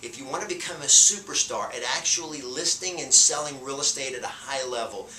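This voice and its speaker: Man, sales coach, motivational lesson, sharp forceful tone, emphatic repetition, echoey room with faint ambience. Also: medium pitch, a little fast, a little hiss or hum. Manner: energetic and emphatic, drives points home with repetition; shifts loudness and pace to show a point. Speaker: real estate sales coach. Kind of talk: motivational teaching talk. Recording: roomy sound from a distance off the mic.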